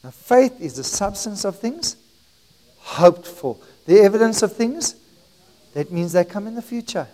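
A man preaching a sermon as pastor, emphatic and rising in volume, slowing on key phrases. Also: high-pitched, expressive, dark tone, rough recording.

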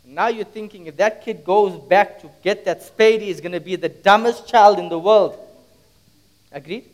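A high-pitched man delivers a sermon in a church. He tells a story with dramatic swings and then presses his listeners with one rhetorical question after another. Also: normal speed. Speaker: pastor.

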